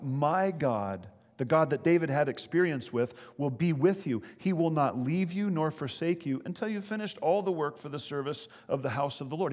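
Guy preaching a sermon, earnest, slow scripture reading, reverby hall sound. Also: medium pitch, darkish tone. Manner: earnest preaching, reads scripture aloud slowly. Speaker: pastor.

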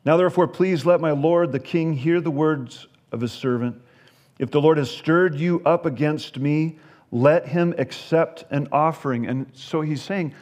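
A man with a somewhat higher voice works through a Bible passage. He reads the verses aloud, then explains them in easy, conversational teaching, often doubling his words as he thinks. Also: a little slow, a little mellow.

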